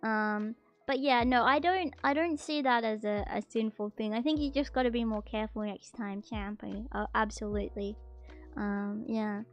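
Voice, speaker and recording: High-voiced excitable woman streamer. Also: moderate pace, muffled recording, soft background music. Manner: excitable, bursts into shrill gasps and protests. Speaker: VTuber streamer. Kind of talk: casual live-stream chat reading viewer confessions.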